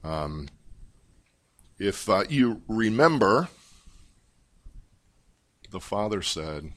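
A man delivering a sermon in a slow, deliberate cadence, his voice sitting on the low side. He teaches a Bible passage with measured emphasis, pausing to stress key points. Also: big pitch swings, a bit bright. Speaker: pastor. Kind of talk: expository sermon.

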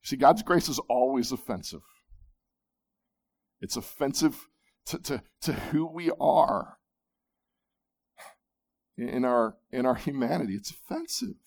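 A man preaching a sermon, emphatic, with dramatic pauses, at times dropping to a near-whisper. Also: medium pitch, lively intonation, vocal fry. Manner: repeats words when restarting. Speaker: pastor.

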